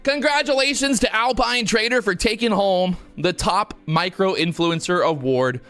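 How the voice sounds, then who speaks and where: A man hosting a mock award show on his live stream, joking, excitable and swearing freely. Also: sits high, moderate pace, clear, resonant tone, faint music behind. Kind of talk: jokey live-stream chat, playing award announcer.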